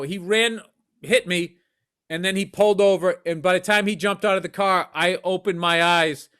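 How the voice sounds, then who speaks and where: A middle-aged man co-hosting a podcast, telling animated, profane childhood stories in casual chat. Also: a little high, clean tone. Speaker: podcast co-host.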